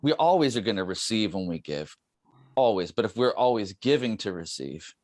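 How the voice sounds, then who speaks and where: A middle-aged man hosting a podcast, speaking earnestly and haltingly, restarting and repeating words as he works out his ideas. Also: lowish voice, animated, a little mellow, dry recording, clean studio sound. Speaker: podcast host. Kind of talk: reflective podcast conversation.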